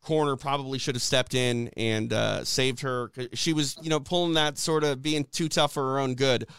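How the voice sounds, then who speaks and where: A young man co-hosting a combat sports podcast, chatting casually through the night's results. His voice is smooth and resonant, recorded close in a dry space with no room sound. He leans on fillers and restarts as he talks. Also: mid-range voice, fairly even intonation, normal speed, a bit bright, no echo. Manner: chatty, frequent "uh" and "you know" fillers. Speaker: podcast host.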